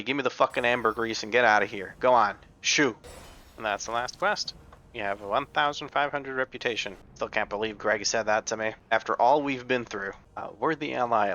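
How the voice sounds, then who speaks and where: A man's voice: lowish voice, sharp tone, lo-fi sound. A man giving casual, joking commentary over his own gameplay, swearing freely and laughing often. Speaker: gaming video creator.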